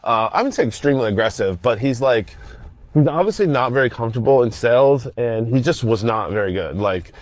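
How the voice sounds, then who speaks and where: A man's voice: mid-range voice, expressive, fairly quick, dry recording. A middle-aged man hosting a casual solo podcast, rambling in slangy talk with many restarts and fillers. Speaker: podcast host.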